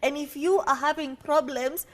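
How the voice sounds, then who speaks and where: A woman's voice: sits high, moderate pace. A young woman, co-hosting a casual advice chat, firm and emphatic as she gives advice. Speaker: talk show co-host.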